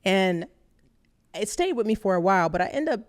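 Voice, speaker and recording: Woman, podcast guest, candid personal storytelling, chatty, middle pitch. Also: sing-song. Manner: candid, chatty, quick to laugh at herself. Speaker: radio host appearing as podcast guest. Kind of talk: casual conversational storytelling.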